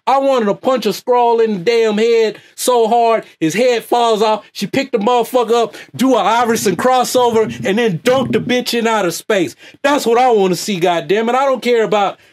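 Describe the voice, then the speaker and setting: A high-voiced man ranting loudly. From United States. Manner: loud, animated, laughs often. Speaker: YouTube host. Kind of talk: profane off-the-cuff rant.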